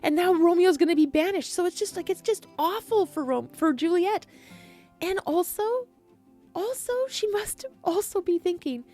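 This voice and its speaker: A woman casually retelling a classic play in a chatty, animated way, laughing and swearing often. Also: very high voice, normal speed, faint music behind. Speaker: storyteller.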